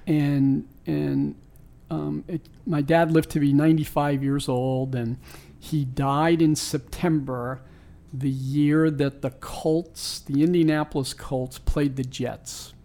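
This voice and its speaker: A man's voice: fairly high pitch, little pitch movement, takes it slowly, creaky, dark tone. A man in his sixties from New York, a sports team owner, tells a personal story in an interview. He is reflective and earnest and often restarts his sentences. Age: 60s.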